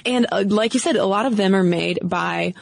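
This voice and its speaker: A woman's voice: medium pitch, normal speed, creaky, no echo. Chatty woman podcast co-host, dry sound. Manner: chatty, frequent fillers and laughs. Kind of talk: casual podcast discussion.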